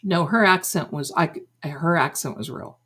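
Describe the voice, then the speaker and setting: A woman in her sixties, a tarot livestream host, telling a snarky, animated anecdote. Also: low-pitched, moderate pace, breathy edge. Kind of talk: casual storytelling on a livestream.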